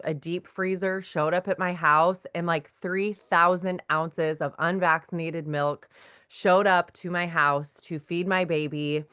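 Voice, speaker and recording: A woman's voice: on the low side, fairly bright tone, smooth. A woman, telling her personal testimony at a faith meeting and acting out the lines of the people in her story. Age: 30s. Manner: talkative storyteller, acts out quoted lines. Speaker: guest sharing her testimony.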